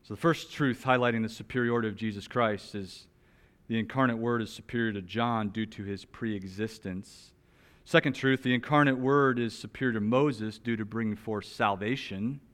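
A man preaching an expository sermon. He talks in an animated, emphatic way, rises loudly on some points, and drops to a soft, slow voice on others. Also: lowish voice. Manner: animated, emphatic, with wide swings in loudness. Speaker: pastor.

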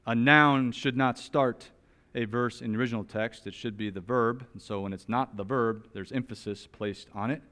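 Emphatic man preaching a sermon. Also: mid-range voice. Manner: animated, emphatic, with wide swings in loudness; drops to a soft, slow voice for key points. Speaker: pastor. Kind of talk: expository sermon.

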